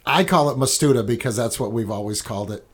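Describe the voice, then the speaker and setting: A man's voice: mid-range voice, fast talker, crowd noise. A man hosting a casual podcast from a garage studio, telling loose, profane stories and teasing his guests. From New England. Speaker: podcast host.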